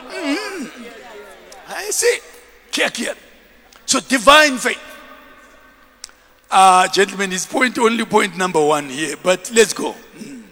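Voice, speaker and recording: A man preaching a lively sermon as bishop, shouting and laughing, having the congregation repeat after him. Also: very high voice. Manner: animated, shouting, with bursts of laughter. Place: large church hall. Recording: long reverb of a church hall.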